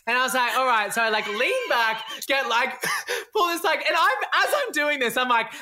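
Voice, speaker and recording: A woman's voice: fairly high pitch, fairly quick, bright, forceful tone. A young woman telling a story in casual chat, acting out voices and laughing often. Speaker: podcast co-host.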